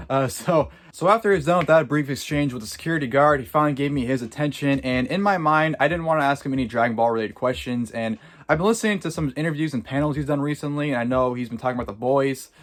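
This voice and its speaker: A man's voice: mid-range voice, very fast, hardly any pauses. A man vlogging, telling a story casually in a rambling way full of "like" and "uh".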